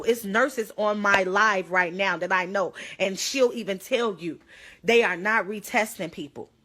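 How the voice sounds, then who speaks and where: A young woman talks straight into her phone on a livestream. Her voice is urgent and pleading, close to tears at times, and sits at an ordinary middle pitch. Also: fairly bright tone. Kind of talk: emotional livestream plea.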